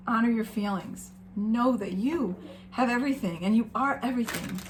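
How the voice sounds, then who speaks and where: A woman giving an encouraging spiritual card reading to her viewers, gentle and sometimes emotional. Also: mid-range voice, noisy background. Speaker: tarot reader.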